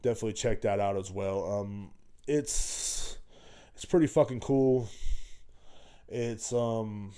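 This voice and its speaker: A man's voice: medium pitch, dark tone. Profane rambling man. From Texas. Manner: rambling, profane, crude jokes. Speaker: podcast host. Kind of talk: casual comedic podcast monologue.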